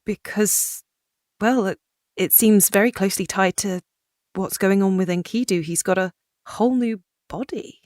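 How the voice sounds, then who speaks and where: A woman's voice: mid-range voice, moderate pace, darkish tone, dry recording, clean studio sound. A woman playing a tabletop game in character, thinking aloud as she reasons through the group's choices. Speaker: player.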